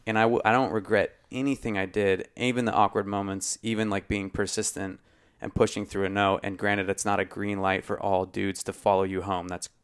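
A man's voice: lowish voice, level tone, a little fast, smooth. A man co-hosting a casual podcast, speaking bluntly and candidly, with casual swearing. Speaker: podcast co-host.

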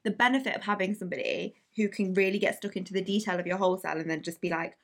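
A woman's voice: mid-range voice, steady tone, rapid-fire. A woman talking as a guest in a casual podcast chat, telling rambling stories with chaotic energy and frequent laughter. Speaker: guest, small business founder.

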